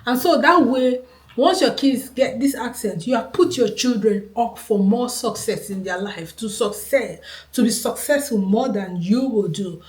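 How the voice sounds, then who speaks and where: A woman's voice: on the high side, unhurried. A woman from Nigeria with a Nigerian accent gives her opinion to camera in a casual talk. She is earnest and emphatic and repeats her points for stress. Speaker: vlogger. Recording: roomy echo.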